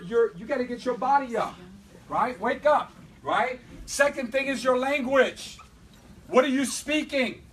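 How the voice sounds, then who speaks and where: A man giving a motivational sales training talk to a live room, energetic, checking in with his listeners over and over. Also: extremely high pitch, low-quality recording. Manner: energetic, repeatedly asks "right?". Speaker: business trainer.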